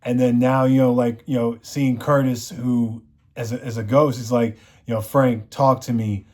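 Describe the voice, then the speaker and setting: A man's voice: medium pitch, flat delivery, normal speed, mellow. Rambling man recapping a show. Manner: rambling, constant "you know" fillers. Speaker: show reviewer. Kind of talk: casual plot recap.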